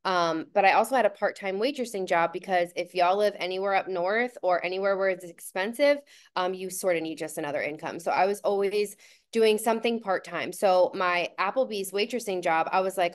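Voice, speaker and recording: A woman's voice: mid-range voice, fairly quick. A woman in her thirties from New Jersey hosting a team call from home, chatting affectionately with rambling asides over a video call. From New Jersey, USA. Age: 30s. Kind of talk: casual personal introduction.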